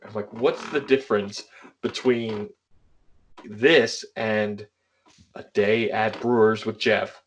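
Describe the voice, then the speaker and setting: A man's voice: on the low side, steady tone, takes it slowly, slight background noise. A slightly drunk man rambling through a casual podcast chat and poking fun at himself. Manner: rambling, self-mocking. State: a little drunk.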